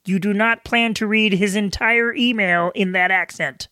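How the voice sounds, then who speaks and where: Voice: medium pitch, steady tone, normal speed, bright, forceful tone, dry recording, studio quality. A podcast co-host with a sarcastic, teasing way of talking. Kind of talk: casual podcast banter.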